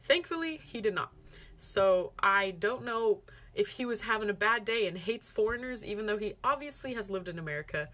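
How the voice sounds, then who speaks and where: A young woman vlogger casually telling a story to camera, animated and chatty, acting out what her friends said. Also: medium pitch, normal speed.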